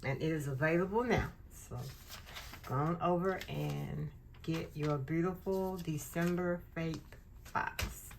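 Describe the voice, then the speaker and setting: Slow-talking, gushing woman. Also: low voice, vocal fry, a little hiss or hum. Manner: gushing, effusive. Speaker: channel host. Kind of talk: casual unboxing vlog.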